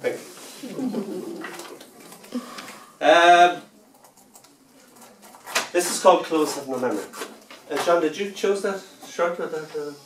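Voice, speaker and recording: A man giving a poetry reading to a festival audience, playful and theatrical, stretching out words and pausing for effect. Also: a little high, a little hiss or hum. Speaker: poet. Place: festival venue indoors. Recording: echoey room, mic far off.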